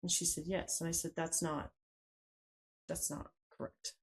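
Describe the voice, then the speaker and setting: A woman guest on a podcast interview, recounting a personal story in a hesitant way, with frequent pauses and fillers. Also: low-pitched, little pitch movement, poor audio.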